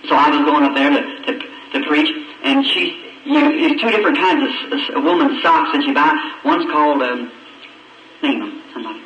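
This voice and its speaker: A man's voice: on the high side, lively intonation, a little fast, a bit bright. A man from preaching a storytelling sermon, folksy and heartfelt, with stammering restarts. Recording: old echoey church recording, distant mic, muffled, hiss.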